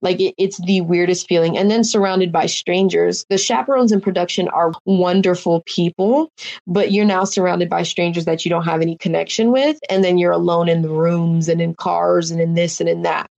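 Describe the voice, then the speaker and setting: A woman's voice: on the low side, steady tone, normal speed, creaky, darkish tone. A young woman, a reality show contestant, rambling emotionally through her story in a casual interview.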